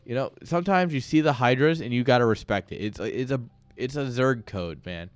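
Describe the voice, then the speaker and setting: A man's voice: mid-range voice, brisk, clear, resonant tone, no room sound. A man casually commentating a live video game match, ranting and joking while chatting with viewers. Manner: rambling, ranting, jokey, chats with viewers. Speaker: esports caster and streamer.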